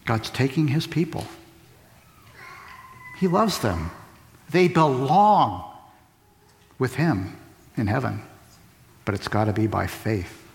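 A man's voice: mid-range voice, big pitch swings, slow, vocal fry, pauses often. A man preaching a sermon, asking rhetorical questions and repeating key phrases for emphasis. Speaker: pastor. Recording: long reverb of a large hall.

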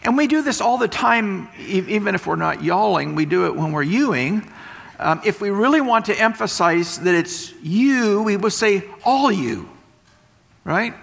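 Man preaching, high animated pitch, gravelly rasp, long reverb of a church hall. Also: normal speed. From West Texas. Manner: explanatory, emphatic teaching with repetition. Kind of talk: sermon.

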